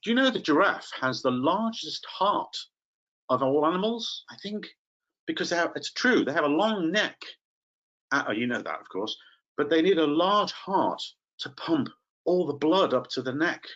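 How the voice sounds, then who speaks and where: A man's voice: fairly high pitch, very animated, moderate pace, fairly bright tone. Playful chatty guy running a teacher webinar, kinda dull lo-fi computer mic. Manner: playful, chatty, addresses participants by name. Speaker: teacher trainer. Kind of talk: live online teaching webinar.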